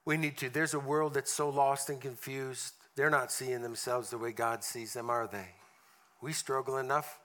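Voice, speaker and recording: A man delivers an earnest storytelling sermon, his tone bright and ringing. He leads the congregation into prayer with a hushed, heartfelt delivery. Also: medium pitch, fairly even intonation, moderate pace. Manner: earnest, with soft drops in prayer. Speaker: guest preacher. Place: church service room.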